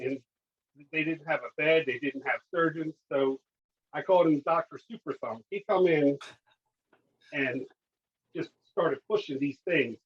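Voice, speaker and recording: A man's voice: on the high side, slightly rough, lo-fi sound. A man casually telling a podcast host a long personal story, acting out what the doctors and nurses said to him. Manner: animated, acts out dialogue with doctors and nurses. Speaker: guest.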